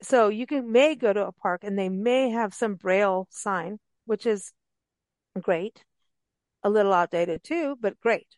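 A woman's voice: medium pitch, measured pace, darkish tone, no room sound. An enthusiastic woman host chatting freely on a radio interview. Her talk rambles and spills over with eager asides. The voice sits mid-range and sounds close and dry. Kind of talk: casual interview chat. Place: travel and parks radio show.

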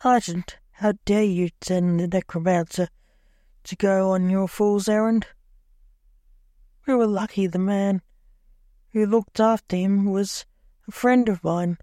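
A narrator voicing a stern, disgusted Grim Reaper king, a grown man, snapping at his son in a slow, low-key storybook reading. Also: steady tone, warm tone, no echo, studio quality, lightly acted. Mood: disgusted scolding.

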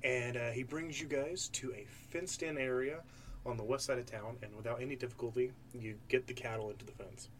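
A man's voice: mid-range voice, a little fast, slight background noise. Man narrating a tabletop game, lots of uhs. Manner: relaxed narration with many fillers. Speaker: game master.

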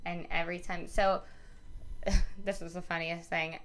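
A woman's voice: fairly low pitch, a little slow. A young woman co-hosting a podcast in casual chat, telling anecdotes and acting out quoted lines. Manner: animated storyteller, acts out quotes. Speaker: podcast co-host.

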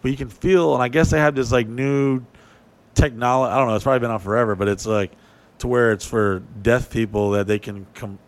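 Man, casual storytelling, animated, profane, acts out dialogue. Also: mid-range voice, a little fast.

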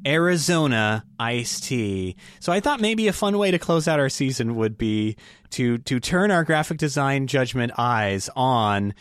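A man hosts a casual podcast chat, his pitch leaping all over as he talks. He laughs often and chimes in with quick affirmations, and the sound is dry and close. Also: big pitch swings, dry recording. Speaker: podcast host.

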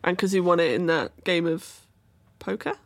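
A young woman running a comedy podcast episode, reading out the facts in easy, teasing chat. Her voice has a gravelly fry, and she breaks into giggles and drops a casual swear word now and then. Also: fairly low pitch, moderate pace. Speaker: podcast co-host presenting the facts.

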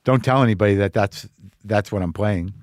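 A man's voice: on the low side, fairly quick, darkish tone, no room sound. A man hosting a podcast who talks in a candid, rambling way and swears casually. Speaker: podcast host. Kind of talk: casual monologue.

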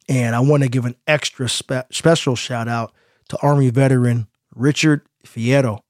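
A man co-hosting a casual podcast, telling stories in an animated way and laughing easily. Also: medium pitch, no echo, studio quality. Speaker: podcast co-host.

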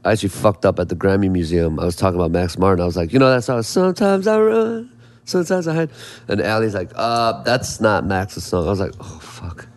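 A man's voice: sits low, fast talker, hardly any pauses, dry recording. A man telling stories as an interview guest, rambling and profane, with many restarts. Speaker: songwriter and producer guest. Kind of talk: casual storytelling interview.

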